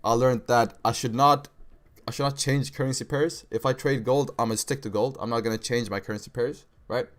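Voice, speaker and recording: A young man hosts a live trading stream, chatting casually and reading viewer questions in slangy speech full of "bro" and "right". His voice is medium-pitched with fairly even intonation and a slightly fast pace.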